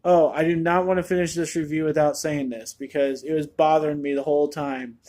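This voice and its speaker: A man's voice: on the high side, flat delivery, fairly quick, a little mellow. Rambling man giving a movie review. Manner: candid, rambling, with many fillers. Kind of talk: casual spoken review.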